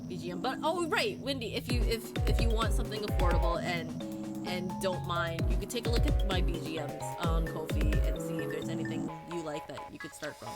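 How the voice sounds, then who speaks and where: A woman's voice: lowish voice, a little fast, loud music behind the voice. A woman streamer in casual chat with her audience, bubbly and giggly, teasing herself in a playful way.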